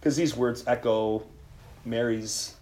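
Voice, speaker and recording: A man's voice: mid-range voice, steady tone, slow, a little mellow, slight background noise. Man giving a casual sermon. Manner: informal, leads call-and-response with listeners. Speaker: priest. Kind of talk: conversational sermon to a live group.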